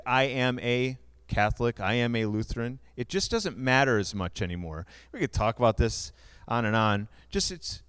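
A man's voice: mid-range voice, a bit bright, clean tone, no echo. Man, pastor giving a sermon, casual explaining tone, resonant voice, dry sound. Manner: conversational, explaining statistics with asides.

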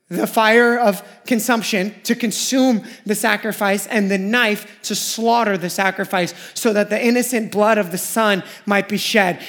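Male pastor, sermon, very high voice, emphatic, repeats himself, loud to hushed.

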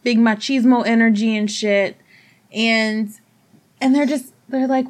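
A woman casually retelling a movie plot, animated and profane, acting out quotes along the way. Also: fairly high pitch, measured pace. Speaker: podcast co-host. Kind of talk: casual chat.

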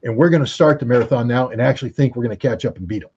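A man's voice: mid-range voice, rapid-fire, a little mellow, breathy edge, lo-fi sound. A man giving casual political commentary, emphatic and full of rhetorical questions, often restarting his sentences. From United States.

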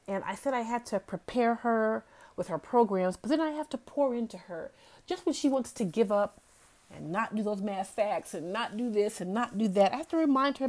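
A woman's voice: mid-range voice, brisk, darkish tone. A woman hosting a casual motivational talk. She speaks earnestly and repeats key phrases for emphasis. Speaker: host of a talk series.

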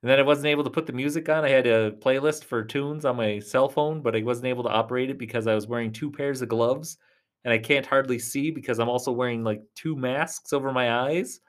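A man hosting a casual solo podcast, rambling and chatty, talking straight to his listeners in a reassuring way, often dropping to soft near-whispers. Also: mid-range voice, brisk. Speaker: podcast host.

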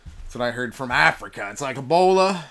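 A man's voice: medium pitch, lively intonation, brisk, a bit bright. A man, hosting a solo comedy podcast in a profane, rambling, sarcastic rant. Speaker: stand-up comedian and podcast host.

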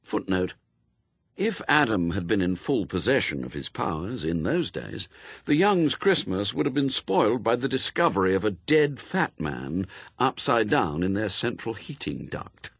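A man narrating a novel in a wry, expressive storytelling manner, recorded close and dry. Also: lowish voice, unhurried, vocal fry, husky, no room sound. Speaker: audiobook narrator. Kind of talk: scripted narration.

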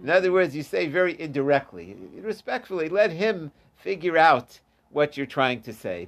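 A man's voice: on the high side, big pitch swings, normal speed, few pauses. A man giving an informal Talmud lesson, reading the Aramaic text and explaining it in English with frequent fillers and restarts. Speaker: Talmud teacher.

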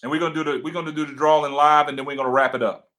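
Loud deep-voiced man, bright tone. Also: fairly even intonation, very fast. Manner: loud, boisterous, passionate. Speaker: livestream co-host. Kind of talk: casual livestream chat. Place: home.

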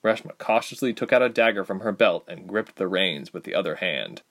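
A man narrating a fantasy audiobook with expressive storytelling. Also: low voice, fairly quick. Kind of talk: scripted narration.

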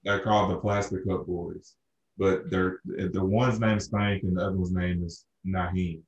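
A man from Arkansas with a very low voice tells a long, rambling story in a relaxed chat. He restarts his sentences often and leans on fillers. He sounds roomy and a little far from the mic. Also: normal speed, dull audio. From Arkansas, USA. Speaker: podcast co-host. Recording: roomy echo, a bit off-mic.

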